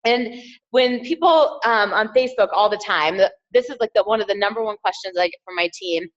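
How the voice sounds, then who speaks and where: A woman's voice: medium pitch, fairly quick, dull audio. A woman giving an upbeat motivational training talk as a team trainer, encouraging her listeners and repeating key phrases.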